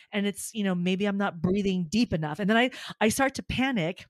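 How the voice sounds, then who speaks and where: Woman, middle-aged, casual podcast chat, animated storyteller, quotes dialogue, dry close sound. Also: medium pitch, fairly quick, few pauses, no echo. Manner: lively storyteller, laughs often, acts out dialogue. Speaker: soprano and voice teacher.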